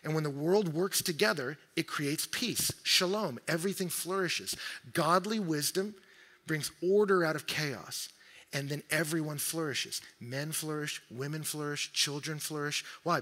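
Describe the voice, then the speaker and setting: Man, pastor, sermon, animated, forceful bright voice, long hall reverb. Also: a little high. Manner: animated, acts out quoted voices and jokes. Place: large church hall.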